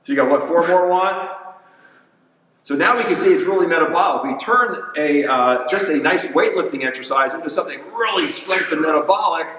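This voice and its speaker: A man's voice: a little high, a little fast, fairly bright tone, recorded from a distance, a little hiss or hum. A man, a personal trainer, coaching an exercise demo in a gym in an upbeat, chatty way and counting reps aloud. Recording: echoey gym, voice from off-mic.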